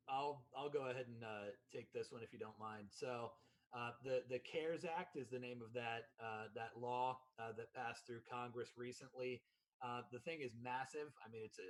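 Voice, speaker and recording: A man answering a question on a video call, hedging, with many fillers. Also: mid-range voice. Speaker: panelist.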